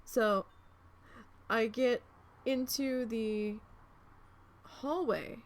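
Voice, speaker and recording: A woman's voice: on the high side, very slow. A young woman chatting at home while she needle felts, telling rambling stories and swearing freely. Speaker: crafting vlogger. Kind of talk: casual chat while needle felting. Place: home, indoors.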